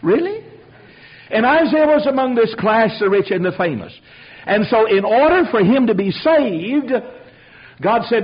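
A man preaching a sermon, telling stories with lively rhetorical asides. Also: high-pitched, unhurried, pauses often, husky. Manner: animated storytelling with rhetorical asides. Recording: dull lo-fi recording.

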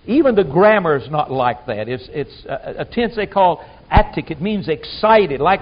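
A man delivers a sermon in a folksy, emphatic manner and acts out the people he quotes. His voice sits high and swoops up and down with lively range. The recording is dull and lo-fi. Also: normal speed. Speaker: preacher. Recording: dull lo-fi sound.

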